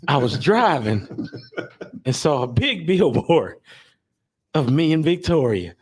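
A man co-hosting a podcast in casual chat, playful and quick to laugh. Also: fairly high pitch, slightly rough. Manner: playful, laughs often, slow and lively. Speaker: podcast co-host.

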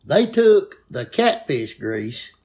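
A man's voice: fairly high pitch, takes it slowly. A man, a comedian telling a road story in casual chat. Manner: animated drawling storyteller.

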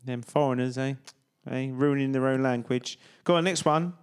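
A man's voice: medium pitch, moderate pace, clear, resonant tone. A man hosting a casual podcast chat, teasing his co-host in a playful way.

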